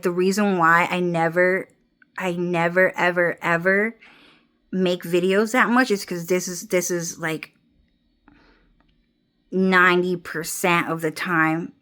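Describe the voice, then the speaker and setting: A woman's voice: on the low side, a bit bright. A young woman talking into her phone camera in a rambling vlog, swearing often, restarting and repeating her phrases, and breaking into laughs. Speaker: vlogger.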